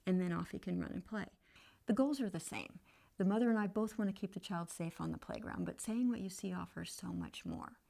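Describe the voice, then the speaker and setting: A woman's voice: medium pitch, brisk, vocal fry, a little mellow. A woman parenting educator telling a playground anecdote in a conversational way, with casual fillers. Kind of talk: teaching through a spoken anecdote.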